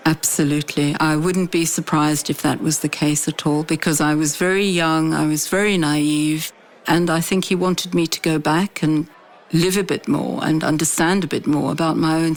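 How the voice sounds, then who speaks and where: A middle-aged woman, speaking in a thoughtful, measured and candid way as an interviewee. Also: low-pitched. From South Africa. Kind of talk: reflective interview testimony.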